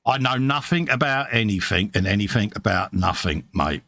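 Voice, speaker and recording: A man's voice: lowish voice, normal speed, creaky, pushed and bright, no echo. A middle-aged man with a British accent, chatting casually and self-mockingly while building a model kit and reading out chat messages. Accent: British English. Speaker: co-host of a live modelling stream.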